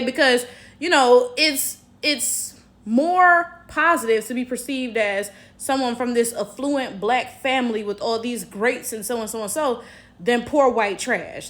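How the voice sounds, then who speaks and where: A chatty American woman talks straight to her viewers in a casual reaction vlog. Her voice sits a touch high, and her delivery is sassy and conversational. She keeps tossing rhetorical questions back at the audience. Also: fairly bright tone. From United States. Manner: frequent rhetorical "right?" checks. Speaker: commentary vlogger.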